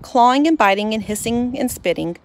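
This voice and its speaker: A woman narrating a children's storybook in first person, expressive and lively. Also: a little high, fairly quick.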